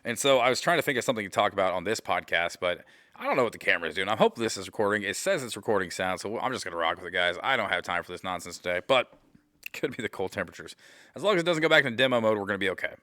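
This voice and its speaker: A man's voice: on the low side, animated, very fast, pushed and bright, no echo, clean studio sound. Joking man rambling in his garage. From Midwestern US. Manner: joking, self-deprecating, repeats "guys" often. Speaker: podcast host. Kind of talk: casual rambling podcast. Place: home garage. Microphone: camera mic.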